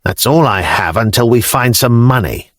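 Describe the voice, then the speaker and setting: A man's voice: medium pitch, expressive, normal speed, dry recording, studio quality, natural voice. A man voicing a terse grudging Norse warrior.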